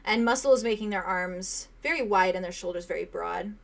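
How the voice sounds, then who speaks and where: A woman's voice: medium pitch, a little fast, gravelly. A young woman running a tabletop game as game master, describing a scene in detail with fillers and small laughs.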